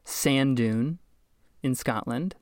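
A man hosting a podcast, telling a story in casual chat, wry and quick to laugh. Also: medium pitch, smooth, no echo, clean studio sound. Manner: chatty, wry, laughs often. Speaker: podcast host.

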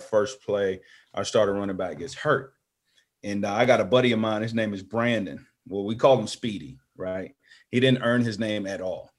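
Middle-aged male guest, lower voice, animated storyteller who does voices for the people in his tale. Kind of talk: storytelling interview.

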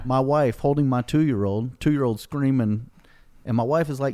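A man's voice: medium pitch, normal speed, dry recording, studio quality. A middle-aged man hosting a podcast, telling a story bluntly and with plenty of swearing. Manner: blunt, profane, animated retelling. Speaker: podcast host. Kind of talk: casual storytelling.

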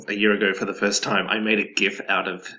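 A man's voice: fairly low pitch, little pitch movement, quick pace, sharp tone, dull audio. A man, wry and opinionated, chatting casually about films on a podcast. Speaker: podcast co-host. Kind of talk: casual film chat.

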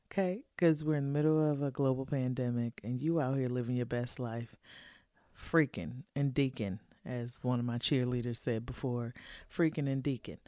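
Woman, 40s, podcast host, casual advice chat, slangy and frank, warm tone, dry sound. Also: very deep voice, no room sound. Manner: frank, slangy, playful, laughs often. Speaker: podcast host answering listener letters.

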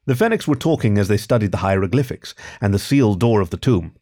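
A man hosting a podcast and narrating a story in a lively, expressive reading style. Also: on the low side, quick pace, hardly any pauses.

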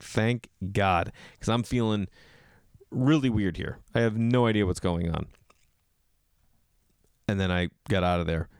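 A man's voice: on the low side, clean tone, no room sound, clean studio sound. A male comedian telling casual stories, acting out the people in them with raised, exasperated voices. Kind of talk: casual storytelling.

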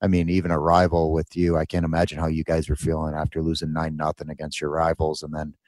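Very deep-voiced laughing male co-host. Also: monotone, fast, a little mellow, no echo. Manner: laughing, teasing, cheerfully opinionated. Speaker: podcast co-host. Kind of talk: casual chat.

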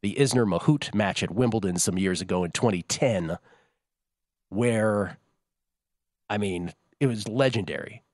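A male sports betting host talks in a casual, jokey ramble and often doubles back on himself. His voice sits low. The studio sound is dry and close. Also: measured pace, pauses often, darkish tone, no room sound. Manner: rambling, jokey, self-interrupting.

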